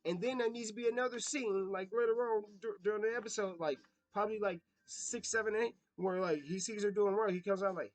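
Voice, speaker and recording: Animated high-voiced man ranting. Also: a little fast, rough recording. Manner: animated, profane, laughs at himself. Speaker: commentator. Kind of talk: casual rant.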